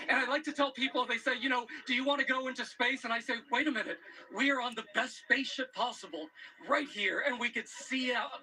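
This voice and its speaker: A man's voice: very high voice, bright, forceful tone, low-quality recording. A male news correspondent giving an emotional live report from outdoors among a crowd, laughing through his words.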